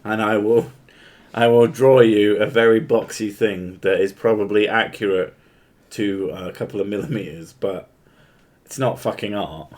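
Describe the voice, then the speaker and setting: A man's voice: lowish voice, steady tone, normal speed, darkish tone. A man, chatting casually on a stream, blunt and joking, with lots of swearing.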